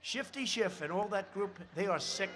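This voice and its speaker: A man giving a campaign rally speech at a podium microphone, rambling with sarcastic asides and shouted emphasis. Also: sits high, animated, moderate pace, very noisy.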